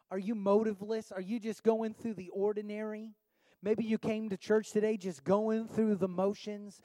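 Man preaching, high voice, impassioned sermon, rhetorical questions, dry close sound. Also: a little mellow, no echo. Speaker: pastor. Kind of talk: sermon with altar call.

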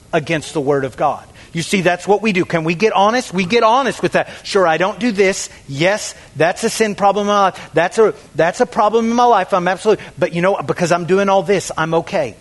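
A man preaching a sermon with emphatic delivery, swinging from raised calls to hushed, whispered asides as he acts out excuses. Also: high voice. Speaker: pastor.

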